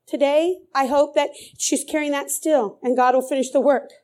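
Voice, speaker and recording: A woman's voice: high-pitched, fairly even intonation, moderate pace, darkish tone. A middle-aged woman preaching a sermon with fervor, repeating phrases for emphasis.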